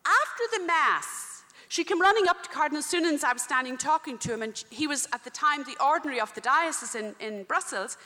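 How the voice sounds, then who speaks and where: A woman's voice: high voice, fairly quick, long reverb tail. A Catholic religious sister preaching and telling faith stories, acting out the people she quotes. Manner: animated storytelling, acts out the people she quotes.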